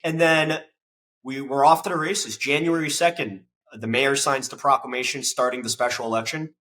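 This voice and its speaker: A man in his twenties, a guest on a podcast, tells his story in a casual, animated way. His voice is bright and forceful, mid-pitched, and he acts out the other people's lines as he goes. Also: moderate pace, low-quality recording. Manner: animated, acts out quoted dialogue, swears casually.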